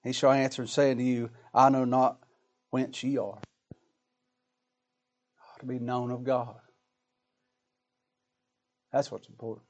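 A man's voice: mid-range voice, flat delivery, unhurried, pauses often. A man preaching a sermon in a folksy, dramatic style, with plain colloquial grammar and rising, emphatic lines.

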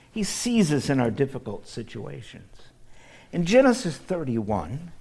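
A middle-aged male pastor from the Midwest preaching a sermon, addressing his congregation directly and moving from loud emphasis to hushed near-whispers. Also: mid-range voice. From American Midwest.

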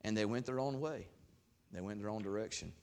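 A man pastor preaching a sermon. He swings from loud, raised peaks to quiet, conversational asides, and acts out God's words in a folksy voice. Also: lowish voice, fairly quick. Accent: regional accent of his own.

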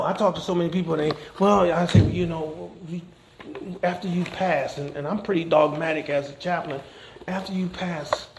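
A man delivers a conversational sermon, repeatedly checking in with "okay?". His voice is slightly high and gravelly. The church room is echoey, with faint noise in the background. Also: fairly even intonation, moderate pace, darkish tone. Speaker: pastor and chaplain. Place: church sanctuary.

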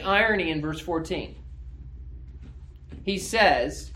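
A man's voice: fairly high pitch, measured pace. A male pastor preaching an expository sermon in a conversational way, often checking in with his listeners through rhetorical questions.

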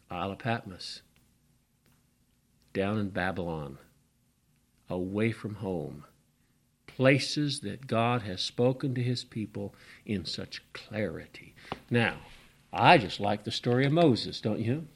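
Preacher man, loud peaks and hushed lows. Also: lively intonation, slow, long pauses. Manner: swings from loud emphatic rises to hushed, near-whispered lines. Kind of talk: sermon.

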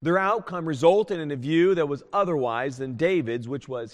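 A man preaching a sermon as a pastor, earnest and pleading, swinging from loud appeals to hushed tones. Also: a little high, moderate pace. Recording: long hall reverb.

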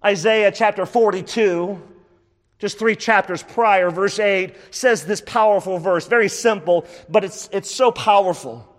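A man's voice: high voice, a little slow, big-room sound. A man preaching a sermon as pastor, emphatic and repeating key phrases for stress.

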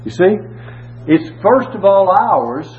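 A man's voice: high-pitched, very animated, slow. A man preaching a sermon and reading scripture, emphatic, repeating key words and asking rhetorical questions. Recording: tinny phone-like audio with faint hum.

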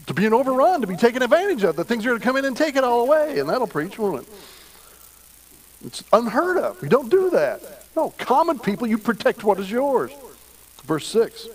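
A male pastor delivering a midweek sermon, telling folksy stories as he teaches. His voice sits slightly high and moves all over the place, rising and dropping as he acts out little scenes. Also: rough recording. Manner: storytelling, folksy and animated.

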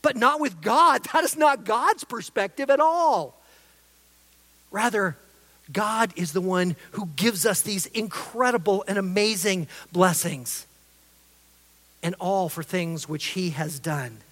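A preacher giving an expository sermon, emphatic, swinging between loud stresses and soft asides. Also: medium pitch, slow. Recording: long reverb of a large hall.

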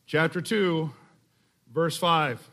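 Middle-aged man from Texas, slightly high voice, casual sermon delivery with deliberate scripture reading. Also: a bit bright. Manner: conversational, restarts phrases, slows to read scripture. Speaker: pastor.

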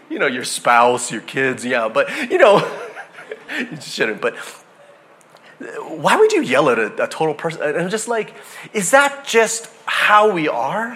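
A man's voice: medium pitch, fairly bright tone. A man preaching a sermon, telling stories and acting out the people in them with frequent laughter. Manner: storytelling, acts out quoted voices, laughs often. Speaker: pastor.

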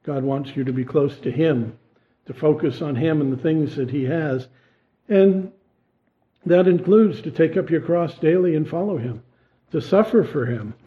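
Earnest preacher man, tinny sound. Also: unhurried. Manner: earnest, rising to emphatic questions then dropping low. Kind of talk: sermon.

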